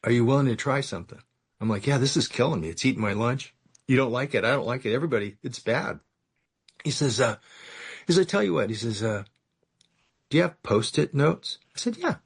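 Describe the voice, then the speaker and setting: At a recovery meeting, a man from California shares a self-mocking, sarcastic story, acting out the other people in it. His mid-range voice is gravelly and husky, with lively intonation, a brisk pace and long pauses.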